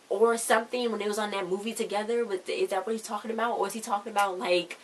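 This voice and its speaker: A woman's voice: mid-range voice, steady tone, fairly quick, poor audio. A woman casually recapping a TV episode on her vlog, retelling scenes in a chatty, rambling way. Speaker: TV recap vlogger.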